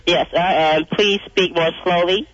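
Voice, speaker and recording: Male relay operator, businesslike, high pitch, dull phone sound. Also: unhurried. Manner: flat, businesslike. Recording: muffled phone line on radio.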